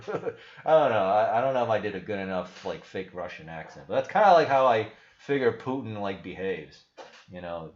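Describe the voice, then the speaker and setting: A man's voice: lowish voice, sing-song, moderate pace. A man hosting a casual livestream with rambling, profane talk full of restarts. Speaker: crypto channel host. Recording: roomy, slightly dull sound.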